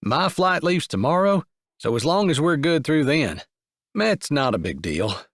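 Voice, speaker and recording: A man's voice: a little high, big pitch swings, unhurried, a bit bright, no echo, studio quality, full character voice. A male narrator voicing a playful, dramatic younger brother in an audiobook, speaking with a joking, smirking manner in a raised voice. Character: teasing, dramatic younger brother, adult man. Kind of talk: audiobook character voice.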